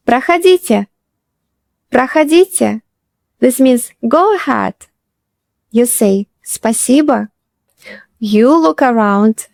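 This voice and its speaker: A woman, a teacher narrating a slow scripted lesson and repeating phrases for learners. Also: fairly high pitch, gravelly, darkish tone, no echo. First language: Russian. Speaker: Russian teacher.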